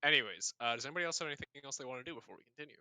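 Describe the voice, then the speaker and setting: Bright-voiced young game master. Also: male voice, mid-range voice, lively intonation, clean tone, dry recording. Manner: casual, joking, halting restarts. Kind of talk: narrating a tabletop game.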